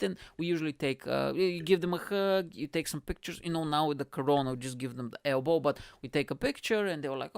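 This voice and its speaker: A man's voice: fairly high pitch, fast, vocal fry, few pauses, clean tone, no echo, clean studio sound. A man hosting his own podcast, a stand-up comedian telling a rambling story in a chatty way, swearing freely and calling listeners "mate". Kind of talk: casual storytelling monologue.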